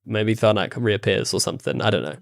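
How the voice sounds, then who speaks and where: A man's voice: lowish voice, a little fast, gravelly, no room sound, studio quality. Rambling, playful British man. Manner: rambling, playful, musing aloud. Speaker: guest. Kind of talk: casual podcast chat.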